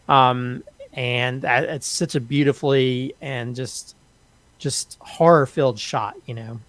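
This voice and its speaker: A man reviewing a film on a casual podcast, openly moved and halting, with many restarts and repeated words. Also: mid-range voice, steady tone, a bit bright, no room sound. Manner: openly emotional, moved to tears.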